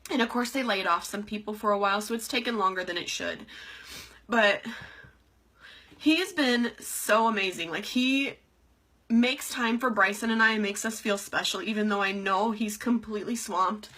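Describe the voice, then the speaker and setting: A woman's voice: medium pitch, normal speed, pushed and bright. A young woman live-streaming a casual, heartfelt chat, rambling and leaning on "like" and "you know.". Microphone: computer webcam on a live stream.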